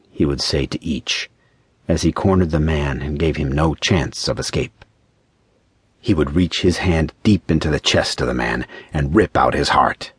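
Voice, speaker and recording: A male audiobook narrator with a very low, husky voice reads a story in a measured, even way. The close mic gives a dry, dead sound with no room around it. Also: no room sound. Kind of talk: scripted narration.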